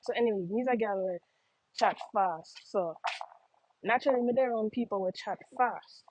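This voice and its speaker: A woman's voice: normal speed, noisy background. Chatty young woman in Jamaican patois. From United States. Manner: chatty, repeats phrases, lowers her voice for patois. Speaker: vlogger. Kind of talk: casual monologue. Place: outdoors on a walk. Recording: slightly dull lo-fi audio.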